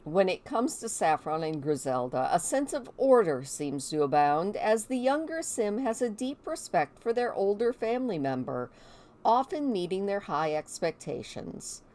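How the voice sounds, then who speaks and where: A woman's voice: mid-range voice, big pitch swings, moderate pace, darkish tone. A woman giving casual let's-play commentary as she plays a life-simulation game, chatty and curious, often amused. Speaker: gaming video host.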